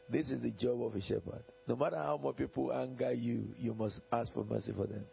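A man's voice: medium pitch, fairly even intonation, brisk, gravelly, few pauses, faint music behind. A man preaching a sermon as pastor, emphatic and repetitive, often chuckling and checking in with the congregation. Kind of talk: sermon with Bible reading. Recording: dull lo-fi recording.

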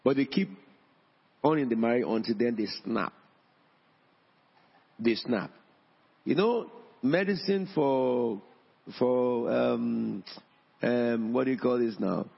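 A man preaching a sermon in a church, emphatic, with his pitch rising on key points. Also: slow, creaky, pauses often, slightly rough. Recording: dull sound in a long-echo hall.

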